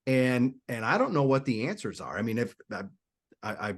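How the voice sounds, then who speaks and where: A man's voice: medium pitch, very animated, moderate pace. A man hosts a panel talk, thinking aloud with plenty of false starts and repeated words. He stays conversational and unsure while he passes along questions from viewers. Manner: hesitant, many restarts and repeated words. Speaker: host.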